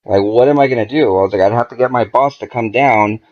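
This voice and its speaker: Here a man with a mid-range voice talks at a quick pace through dull-sounding audio. He's a podcast guest spinning a casual, profane, animated story and acting out what people said.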